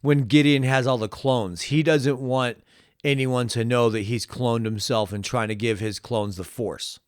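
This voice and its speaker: A man of middle pitch riffing in casual podcast chat. He is goofy and slips into silly put-on voices for jokes. The mic is close and dry. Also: steady tone, a little slow, smooth, no room sound. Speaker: podcast co-host.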